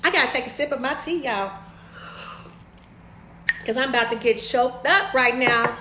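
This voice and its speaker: A woman's voice: high voice, moderate pace, echoey room, noisy background. A woman giving a motivational video talk about running a home business, emphatic and preachy, calling her viewers y'all.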